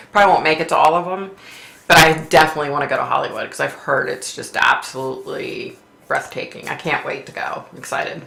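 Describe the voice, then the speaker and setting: A woman's voice: low voice, steady tone, brisk, gravelly, a bit bright, reverberant. A woman who is a psychic medium, hosting a casual livestream chat, chatty and laughing often as she reads comments aloud.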